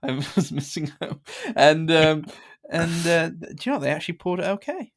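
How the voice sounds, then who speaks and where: A man co-hosting a film podcast, relaxed and self-mocking as he tells stories. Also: a little high, normal speed. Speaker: podcast co-host. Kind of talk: casual chat.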